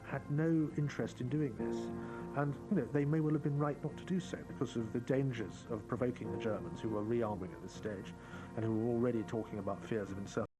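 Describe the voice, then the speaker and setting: A man giving brisk, analytical commentary in a documentary interview. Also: mid-range voice, over music, rough recording. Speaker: interviewed historian.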